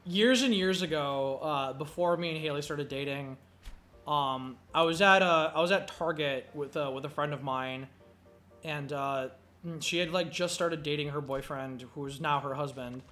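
A young man hosting a gameplay video rambles through casual, profane stories packed with fillers. His fairly high voice is bright and forceful at a moderate pace, with faint game music behind him.

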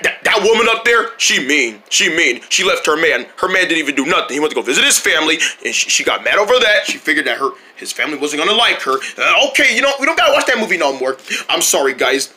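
Animated one-person cartoon voice actor. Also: medium pitch. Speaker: voice actor doing all characters. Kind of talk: comedic cartoon voice acting.

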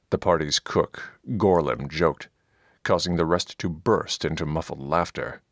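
A man narrating a fantasy audiobook in a measured, deadpan way, close to the microphone. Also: very deep voice, no room sound. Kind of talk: scripted narration.

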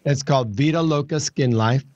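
A man's voice: medium pitch, normal speed, a little mellow, no room sound. Man in his 70s rambling happily, lots of restarts and laughs, kinda muffled. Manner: chatty, laughs easily, trailing restarts. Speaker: guest. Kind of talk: casual chat.

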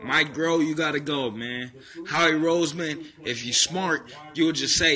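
A man delivers a heated, profanity-laced fan rant, circling back to the same complaints again and again. His voice sits a little high and has a sharp, bright edge. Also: unhurried. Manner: profane and heated, repeats himself. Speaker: sports fan vlogger.

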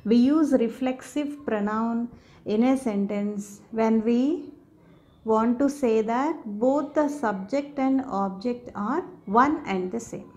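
A woman teaches a grammar lesson at an unhurried, deliberate pace. Her voice sits a little high, and she checks often that her listeners are following. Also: warm tone. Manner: patient, slow explaining with frequent "okay?" checks. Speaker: English teacher. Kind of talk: explaining grammar to viewers.

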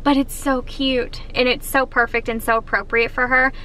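A young woman with a high, light voice talks straight to her handheld camera in a bubbly vlog style. She gushes over small cute things, moving from her car to a pet shop and home. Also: flat delivery, normal speed, bright, forceful tone, a little hiss or hum. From southern United States. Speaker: vlogger. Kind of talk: casual vlog chat. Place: car and pet store, then home couch.

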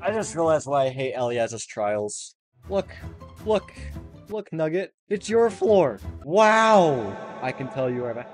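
A young man gaming with friends, swearing and swinging between loud yells and quiet mumbling. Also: fairly high pitch, very animated, unhurried, soft background music. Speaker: gaming YouTuber. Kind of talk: casual gaming chat with friends.

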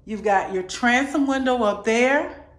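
A woman's voice: a little high, unhurried. A woman giving a casual, chatty tour of a modular home, somewhat out of breath, recorded on a handheld phone indoors. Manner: chatty, repeats "really lovely". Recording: echoey empty rooms.

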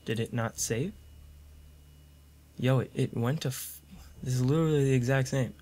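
A man's voice: mid-range voice, moderate pace, mellow, slight background noise. A man giving joking, sarcastic commentary while playing a video game, with audible mouth clicks. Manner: joking, sarcastic running remarks. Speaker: gaming video creator.

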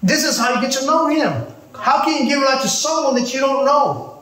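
A man preaching as a pastor, joking and calling out to his congregation in a lively sermon. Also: very high voice, fairly quick, reverberant, distant mic, low-quality recording. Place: church.

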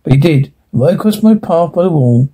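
Male horror narrator; dark, husky timbre, halting dramatic read with slips. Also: a little high, lively intonation. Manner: halting, stumbles and restarts words. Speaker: horror story reader. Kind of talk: dramatic first-person horror reading.

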